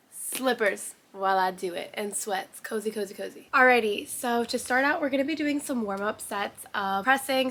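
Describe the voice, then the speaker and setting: A woman's voice: mid-range voice, fairly bright tone. A young woman fitness coach talking viewers through a home dumbbell workout in a friendly, instructive way. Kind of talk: workout tutorial with voice-over. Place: home basement gym.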